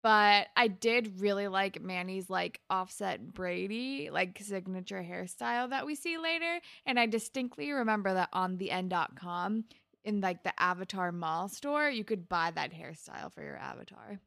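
A woman's voice: moderate pace, vocal fry, dry recording, clean studio sound. A young woman co-hosting a podcast, casually recapping a TV episode and animatedly acting out quotes. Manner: animated, jumps to high pitch when quoting. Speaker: podcast co-host.

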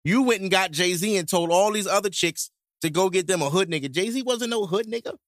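A man co-hosting a casual podcast, joking crudely and bantering with big animated swings. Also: sits high, fairly quick, dry recording, studio quality. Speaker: podcast co-host.

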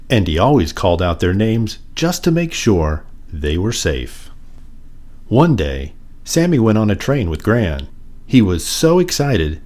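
A man reading a children's picture book aloud in an expressive, sing-song way. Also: fairly low pitch. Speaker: storyteller.

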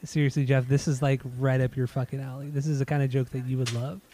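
A man's voice: medium pitch, little pitch movement, fast, mellow. A man from Southern California with a Southern Californian accent, co-hosting a podcast in casual chat, teasing and laughing easily. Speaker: podcast co-host.

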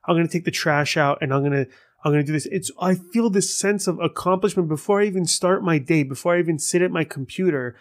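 A man hosting a casual solo podcast, rambling and swearing as he tells stories in an animated way. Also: fairly high pitch, fast. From Persian heritage. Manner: rambling, profane, animated storytelling. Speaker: podcast host.

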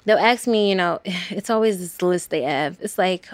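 A woman in her twenties from Washington, D.C., talks openly about her life as a student, at a quick clip and acting out the conversations she retells. Her voice sits low. The sound is dry and close. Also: no room sound. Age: 20s. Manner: candid, speaks quickly, acts out quoted exchanges. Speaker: interviewee, college student. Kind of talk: recorded interview.

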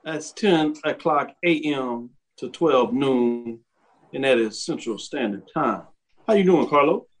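A man hosting a sports radio show and podcast from a home studio, chatty and upbeat with quick asides. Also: mid-range voice, animated, poor audio. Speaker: host. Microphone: home studio mic.

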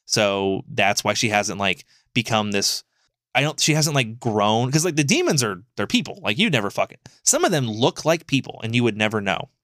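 A man co-hosting a podcast, telling a story in a casual, animated, rambling way with lots of fillers and swearing. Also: on the low side, normal speed, no room sound, clean studio sound. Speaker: podcast co-host.

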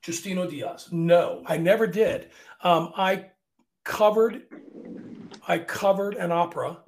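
A man from Virginia, an opera singer, chatting in an interview and telling stories in an animated way, often restarting his sentences. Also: sits high, slow pace, gravelly. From Virginia, USA. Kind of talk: casual interview storytelling.

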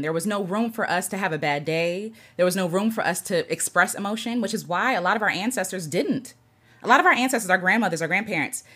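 A woman hosting an impromptu livestream from her home, chatting casually, reading viewer comments aloud and greeting people as they join. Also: medium pitch. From United States. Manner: earnest, reads out viewer comments and greets them warmly. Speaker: livestream host.

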